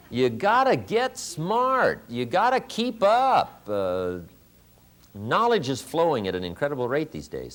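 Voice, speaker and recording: A man's voice: low-pitched, slight background noise. A man giving a motivational seminar talk, telling stories with emphatic, punchy repeated lines. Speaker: motivational speaker.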